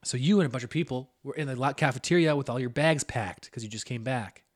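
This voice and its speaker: A young man co-hosting a podcast, telling a story in relaxed casual chat and swearing now and then. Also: medium pitch, fast talker. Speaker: podcast co-host.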